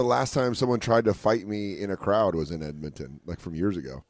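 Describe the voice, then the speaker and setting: A man with a lowish voice tells crude stories on a comedy podcast, swearing freely and slipping into quick impressions of the people involved. The sound is dry and close, with no room in it. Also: darkish tone, no room sound. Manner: profane, storytelling, acts out people in quick bursts. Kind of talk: casual comedy podcast banter.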